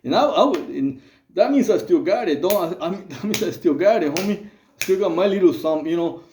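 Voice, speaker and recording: A man's voice: high-pitched, animated, brisk, a little mellow, roomy sound, a little hiss or hum. A man hosting his channel, talking in a loose, rambling, streetwise way full of fillers. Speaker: channel host. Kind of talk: casual monologue to camera.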